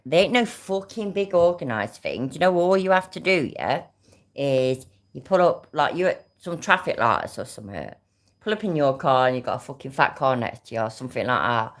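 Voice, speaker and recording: A woman with a British accent giving sarcastic, sweary casual reaction commentary. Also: low-pitched. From Britain. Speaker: reaction vlogger.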